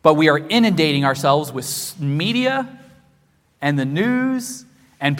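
Male pastor preaching, highish voice, repeats stuff for emphasis, goes quiet then loud, big church echo. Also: expressive, measured pace. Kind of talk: sermon. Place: church sanctuary. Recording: long hall reverb from a church.

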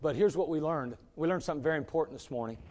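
A man preaching a sermon as pastor, emphatic and rising to loud peaks. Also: on the high side, very fast.

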